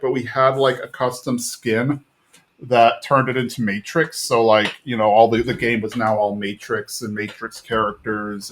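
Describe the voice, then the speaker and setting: A man in his thirties with a medium-pitched voice co-hosts a podcast, recapping a cartoon episode. He rambles animatedly and uses lots of filler words.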